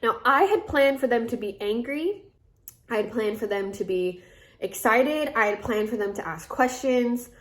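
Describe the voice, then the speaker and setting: A woman's voice: on the high side, expressive, normal speed. A woman in her twenties casually telling a personal story, chatty and full of fillers, acting out the lines of the people in it. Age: 20s. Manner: chatty, filler-heavy retelling with many quoted asides. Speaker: vlogger.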